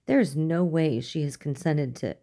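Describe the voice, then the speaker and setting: A woman's voice: low voice, a little slow, warm tone. A woman voicing a distraught, protective mother who keeps interrupting sharply. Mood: worked up.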